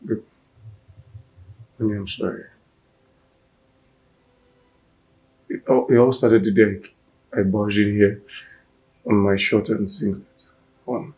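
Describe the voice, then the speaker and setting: A man's voice: fairly low pitch, fairly even intonation, unhurried, long pauses, darkish tone, roomy sound, rough recording. An actor with a Nigerian accent playing a guilty husband who begs his wife to stay. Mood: remorseful. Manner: begging, remorseful. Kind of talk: Nollywood film drama.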